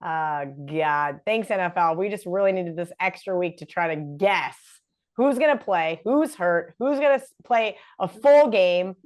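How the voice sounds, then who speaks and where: A woman appearing as a guest analyst on a sports betting show, animated and exasperated, with lots of fillers. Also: on the low side, unhurried. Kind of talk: casual sports betting chat.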